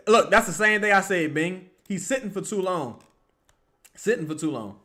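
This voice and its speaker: A young man streaming live fan commentary on a basketball game, excitable and profane, often bursting into yells at the players. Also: fairly high pitch.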